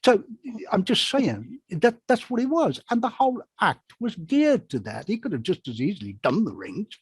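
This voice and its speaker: A man's voice: high voice, wildly swooping pitch, moderate pace, slightly rough, no echo. A man, a magician, telling a rambling show-business story in a panel chat over a video call, often correcting himself.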